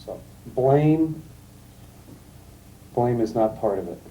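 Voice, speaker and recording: A middle-aged man giving a classroom lecture, telling anecdotes in a calm, emphatic storytelling way. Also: mid-range voice, takes it slowly. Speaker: guest lecturer. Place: lecture room. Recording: distant mic, faint room noise, archival tape.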